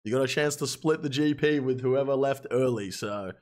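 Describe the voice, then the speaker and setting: A man hosting an online game event, cheering players on with excitable commentary and chatting with them. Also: mid-range voice, moderate pace. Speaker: host running a game event. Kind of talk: excited live-stream commentary and interviews.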